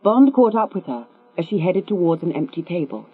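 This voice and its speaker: A woman narrating a thriller audiobook in a measured, composed read. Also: on the low side, sing-song, slightly rough. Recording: tinny, phone-like with mains hum.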